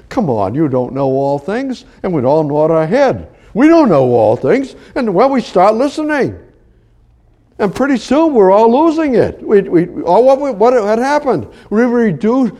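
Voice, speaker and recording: Male preacher, high voice, animated sermon delivery with loud exhortations and quiet asides, halting restarts. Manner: animated, swings between loud exhortation and hushed low asides; halting restarts and repeated words.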